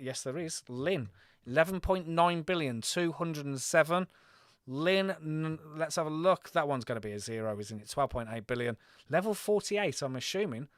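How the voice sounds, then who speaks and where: A man from Birmingham talks through a live strategy-game stream, reading scores aloud and chatting with his viewers. His voice is smooth and clean at a middling pitch. The sound is close and dry. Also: fairly bright tone, no echo. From Birmingham, England.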